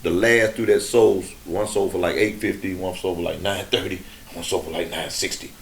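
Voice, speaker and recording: A middle-aged man with a low-pitched voice talks casually on a podcast, drawing out an unhurried anecdote and circling back over his words as he goes. A faint hiss sits under the recording. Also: fairly even intonation, creaky. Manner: unhurried storytelling with frequent restarts. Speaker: podcast host.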